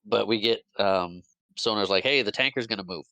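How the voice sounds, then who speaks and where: A man retells a movie plot on a podcast in a loose, animated way, stumbling through restarts and briefly voicing the characters he describes. His voice sits a little low but sounds bright and crisp. The sound is close and dry, with no room around it. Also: brisk, dry recording, lo-fi sound. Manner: frequent restarts and fillers. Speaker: podcast co-host. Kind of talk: casual movie recap.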